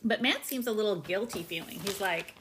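A woman's voice: medium pitch, brisk, noisy background. Chatty woman recapping with a friend. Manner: chatty, acts out quoted voices with squealing exaggeration. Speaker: podcast host recapping a reality show. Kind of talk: casual chat.

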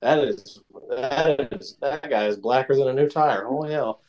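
A man co-hosting a podcast, chatting casually and telling profane, animated jokes. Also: mid-range voice, normal speed, highs cut off. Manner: animated, profane joking storyteller. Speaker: podcast co-host.

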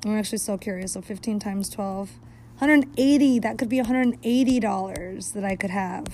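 A woman hosting a casual podcast while walking her dog outdoors at night, rambling and swearing heavily, sometimes yelling at the dog. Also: medium pitch, normal speed, a little hiss or hum. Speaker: podcast host.

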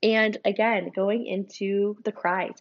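A woman in her thirties chats about parenting with a mid-range voice full of vocal fry. She loops back and restarts her phrases as she talks. The recording sounds dull and lo-fi. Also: medium pitch, level tone, takes it slowly. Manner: chatty, repeats and restarts phrases. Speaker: parent giving advice. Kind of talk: casual parenting talk.

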